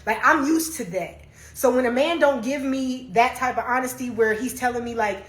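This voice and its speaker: A woman's voice: high voice, brisk, a bit bright. Young woman host chatting candidly into her phone, laughing easily, in an echoey room. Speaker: livestream host. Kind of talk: casual chat, reading comments.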